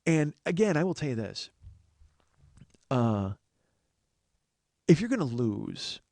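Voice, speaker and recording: A man in his forties spins a long comic story with plenty of swearing, his pitch sitting in an ordinary middle range. He gets more animated as the story builds and sometimes bursts into loud shouts. The sound is dry and close to the mic. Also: takes it slowly, creaky, dry recording. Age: 40s. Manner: animated, profane, shouts quoted outbursts. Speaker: podcast host.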